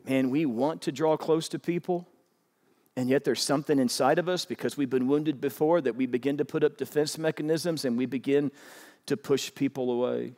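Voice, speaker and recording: Man preaching in a big reverberant hall. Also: normal speed. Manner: animated, urging the crowd with rising pitch. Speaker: pastor. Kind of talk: sermon. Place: large church auditorium.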